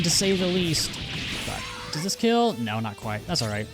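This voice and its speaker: A man's voice: a little high, animated, slow, fairly bright tone. Chatty rambling gamer guy over game music. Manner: chatty, rambling, self-interrupting, laughs easily. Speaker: let's-play gamer. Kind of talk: casual game commentary.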